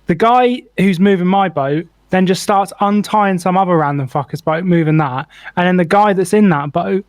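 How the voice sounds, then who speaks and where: A man's voice: high-pitched, moderate pace, no echo. A young man, a podcast co-host telling a rambling, sweary anecdote full of "like" in casual chat. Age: young adult. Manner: swears freely, animated anecdote with lots of "like".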